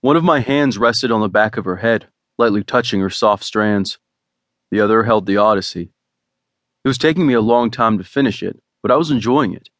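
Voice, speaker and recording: A man with a lowish voice narrates a romance novel in first person. His delivery is relaxed and wry. The recording is dry and close. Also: fairly quick, no room sound. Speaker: audiobook narrator.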